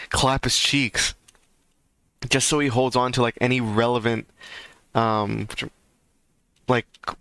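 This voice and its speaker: Brief: male streamer, mid-pitched, smooth clear voice, loose ranting delivery. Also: fairly bright tone, no room sound. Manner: rambling, ranting, heavy fillers. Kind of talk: casual livestream chat.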